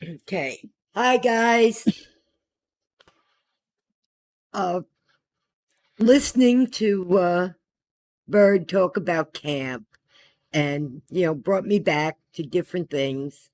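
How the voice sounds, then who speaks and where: A woman's voice: sits low, a little mellow. An older woman, the host's mother, telling a meandering family anecdote in a casual way. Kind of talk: casual storytelling.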